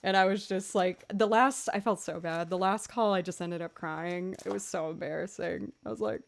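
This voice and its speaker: A young adult woman, a livestreaming musician, chatting casually with viewers and telling animated stories with laughs. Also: lowish voice, moderate pace, gravelly, few pauses. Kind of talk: casual chat with stream viewers.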